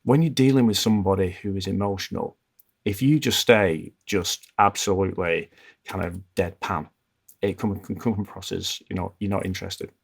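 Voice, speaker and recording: A man speaking as a podcast guest, telling stories in a calm, smooth, measured way with frequent restarts. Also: deep voice. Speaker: podcast guest, former hostage negotiator. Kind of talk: conversational interview storytelling.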